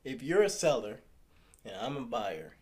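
A podcast co-host with a mid-range voice, swapping stories with a friend. He retells an anecdote with animated rises and drops, then turns it into advice. Loose and conversational throughout. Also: mid-range voice, a little slow. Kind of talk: casual chat.

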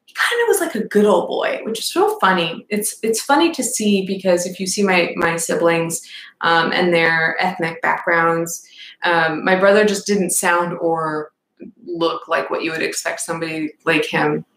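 A woman's voice: on the low side, normal speed, a bit bright. A young adult woman hosting a casual podcast livestream, chatting in a rambling way and reading out viewer comments. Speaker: podcast host. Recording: echoey room with faint background noise.

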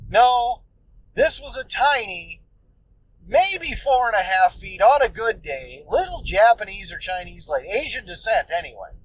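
A man's voice: high-pitched, sing-song, a little slow, husky, low-quality recording. A man hosting a solo podcast, telling a story in a loose, profane, ranting way. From United States. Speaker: podcast host.

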